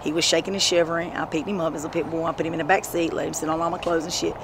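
A woman telling rambling, profane stories in a street interview, breaking into shouts. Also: deep voice, rapid-fire. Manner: profane, animated storytelling with sudden shouts. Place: outdoors on a city street. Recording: street noise and passing traffic.

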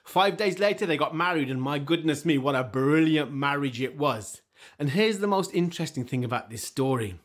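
Animated male storyteller leading children. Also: fairly high pitch, normal speed. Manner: lively, animated, prompts the audience to join in.

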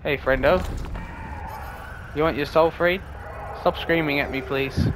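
A man talks through a horror game in a fairly high voice. He cracks jokes, swears freely and yelps when startled. A constant noise sits beneath his voice. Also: a little slow. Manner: jokey, swears, reacts loudly to scares. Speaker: gaming video creator. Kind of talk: let's play commentary.

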